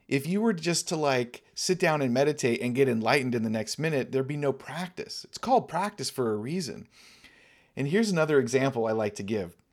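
Man, Dharma teacher, casual meditation talk, mid-pitched voice, easygoing, laughs often. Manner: relaxed, conversational, laughs often.

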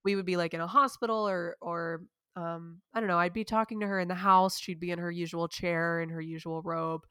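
Woman, lowish smooth voice, dry close sound, reflective storyteller in casual chat. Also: steady tone, fairly quick, dry recording. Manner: reflective, storytelling, soft-spoken. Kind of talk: casual conversation about grief.

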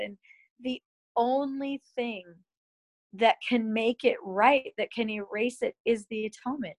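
On a rough recording, a woman in her thirties shares a personal faith story about being a mother. Her voice is fairly high and slow, and she speaks candidly and chattily, full of fillers and emotional asides.

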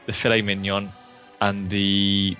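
A man co-hosting a casual podcast chat, talking in a halting way with restarts. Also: on the low side, faint music behind. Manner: hesitant, restarts, animated. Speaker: podcast co-host.

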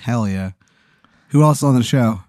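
A man's voice: medium pitch, a little slow, a little mellow, dry recording. A man as podcast guest in a casual comedy chat, reacting with incredulous questions. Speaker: podcast guest answering a hypothetical.

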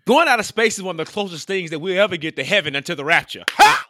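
A man co-hosting a casual podcast chat, playful and animated, often laughing. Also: sits high, fast talker, no room sound, studio quality. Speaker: podcast co-host.

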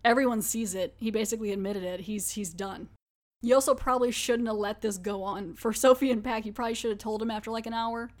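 A woman's voice: a little high, fairly even intonation, quick pace. A woman podcast host giving a rambling, chatty recap of a TV episode and laughing often.

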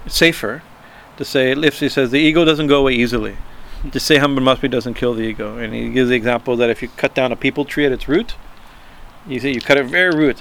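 A man with a gravelly edge to his voice, speaking at a middling pitch, gives an informal spiritual talk. He stumbles and restarts, repeats words, and keeps checking in with a quick "right?" now and then. Faint noise hums in the background. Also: a bit bright. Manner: halting, repeats words, frequent "right?" asides; chuckles while explaining. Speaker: spiritual teacher.

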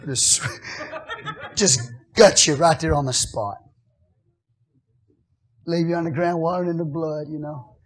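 A man preaching a sermon as pastor, swinging from hushed, conversational asides to loud, shouted declarations. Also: on the high side, measured pace, long pauses.

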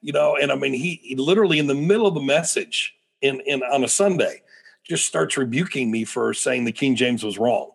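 A man's voice: mid-range voice, fairly quick, gravelly, husky. A middle-aged American man, a preacher and guest, telling stories animatedly in a podcast interview with frequent restarts. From United States.

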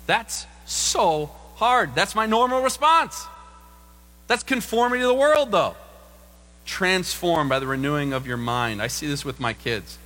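A middle-aged man preaching a sermon as pastor, animated and acting out voices in the stories he tells. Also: a little slow. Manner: animated, acts out quoted voices with big pitch jumps. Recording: long reverb of a large room.

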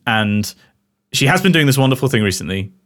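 Young English man, podcast co-host, animated pitch, quick to laugh. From England. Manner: animated, laughs often, jokey. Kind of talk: casual chat.

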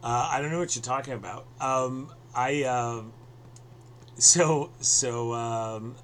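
A man's voice: mid-range voice, slow, fairly bright tone, a little hiss or hum. A man hosting a podcast over a video call, rambling with many fillers and restarts. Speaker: podcast host.

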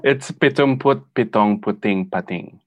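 A man's voice: fairly low pitch, measured pace, no room sound, lo-fi sound. A man, casually explaining phrases with frequent giggles. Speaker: guest teaching Filipino phrases. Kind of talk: casual chat.

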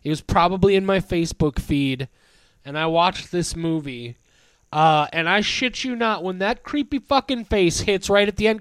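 High, smooth-voiced male podcast co-host. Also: animated, normal speed, fairly bright tone, no echo. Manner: swearing, rambling with many fillers. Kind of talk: casual chat.

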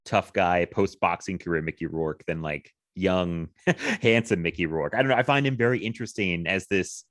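A man's voice: sits low, moderate pace, fairly bright tone, no echo, clean studio sound. A man co-hosting a film podcast, rambling casually with many fillers and frequent laughs. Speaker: podcast co-host.

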